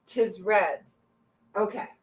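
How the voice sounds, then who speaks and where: A woman's voice: medium pitch, takes it slowly, slightly rough. Profane, blunt woman in her forties. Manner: profane and blunt, breaks into laughs. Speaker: vlogger. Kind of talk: casual chat during a skincare routine. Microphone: streaming mic close to the camera.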